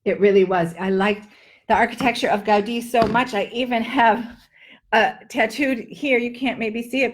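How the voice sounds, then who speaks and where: A middle-aged woman teaching English pronunciation in a live online lesson, drawing out words in playful drills. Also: medium pitch. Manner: playful, drawn-out word drills.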